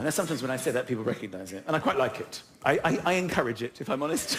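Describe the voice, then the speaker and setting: A man performing stand-up comedy in a theatre, animated and excitable, acting out conversations in put-on voices. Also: sits high, quick pace, very noisy. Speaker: stand-up comedian and show host. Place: large theatre with a live audience. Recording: roomy theatre with loud audience laughter. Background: loud audience laughter.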